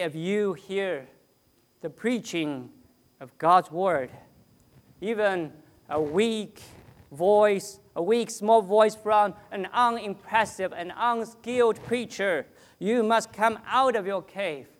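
A pastor preaching a sermon, earnest and deliberate, with long pauses and sudden drops to a soft voice. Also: male voice, high-pitched.

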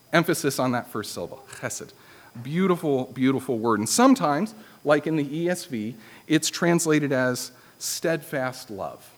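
A man's voice: mid-range voice, long reverb tail. A man preaching a sermon to his congregation, teaching in a conversational way with dry, self-deprecating humor.

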